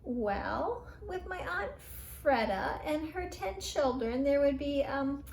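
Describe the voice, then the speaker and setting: A woman's voice: sits high, lively intonation, slow pace, full character voice. Woman voicing a shy, hesitant field mouse boy. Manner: quiet, hesitant and apologetic. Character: shy homeless young male field mouse. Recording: roomy echo.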